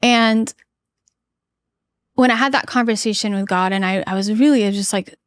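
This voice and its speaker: A woman guest earnestly telling a personal story in a podcast interview, halting often with restarts and fillers. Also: mid-range voice, clear, resonant tone, dry recording, clean studio sound.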